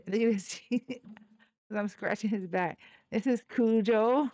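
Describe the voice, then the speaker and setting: A woman's voice: a little high, slow pace, warm tone, no echo, lo-fi sound. A woman hosting a livestream in casual chat, rambling and laughing often, swearing casually and cooing baby talk at her dogs. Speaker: livestream host.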